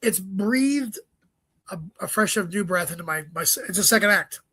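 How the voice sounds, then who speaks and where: A man with a high, bright voice talks as a comedian guest in a casual interview, tossing off profane stories and asides. The sound is dry and close, with almost no room around him. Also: animated, husky, dry recording. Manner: profane, rapid storytelling with joking asides.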